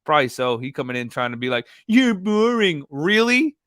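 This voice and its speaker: A man's voice: medium pitch, very animated, fast, a bit bright, clean tone, dry recording, studio quality. A man hosting a true crime livestream, talking bluntly and mockingly with lots of swearing. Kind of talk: casual livestream commentary.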